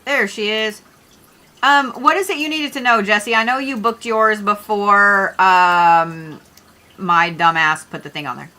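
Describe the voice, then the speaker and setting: A chatty young woman talks to her livestream viewers, rambling from one thing to the next and dropping the odd swear word. Her voice comes across bright and forward, close on a desk mic. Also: medium pitch, fairly even intonation, unhurried. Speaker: livestream host, astrology reader. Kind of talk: casual livestream chat.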